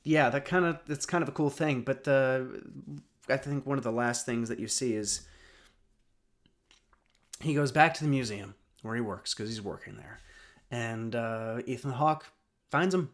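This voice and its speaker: A man's voice: mid-range voice, unhurried, pauses often. A man in his thirties giving a casual spoken recap of a TV episode, rambling with lots of fillers and restarts. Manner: rambling, many fillers and restarts, chuckles often. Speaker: film and TV reviewer.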